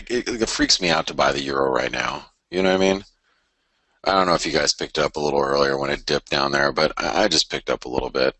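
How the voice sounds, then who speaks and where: A man's voice: a bass voice, pushed and bright, no room sound. A middle-aged man hosting a live trading show, talking casually and rambling with many stammered restarts as he thinks aloud. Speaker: forex trading show host. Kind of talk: casual live market commentary.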